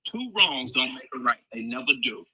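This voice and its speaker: A man's voice: medium pitch, moderate pace, slightly rough, poor audio. A man in a live debate, arguing his side in a lecturing, persuasive way. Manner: calm-then-firm, lecturing, persuasive.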